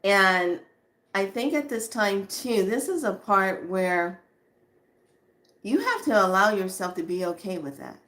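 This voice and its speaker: In a relaxed talk aimed at viewers, a female spiritual teacher speaks about spirituality in a mid-range voice. Her delivery is bubbly and conversational, full of laughs, and it drops to a slow, quiet murmur for the calming parts.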